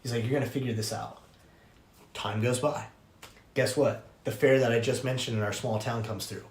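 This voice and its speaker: A young man, a podcast host, telling a story in casual chat, animated and profane, acting out the voices of people he quotes. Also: medium pitch, normal speed. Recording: roomy echo.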